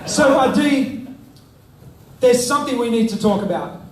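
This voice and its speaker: A man's voice: very high-pitched, animated, moderate pace. A man hosting a live on-stage interview, joking and rousing the crowd. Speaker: host. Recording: echoey, distant live-room sound with faint noise.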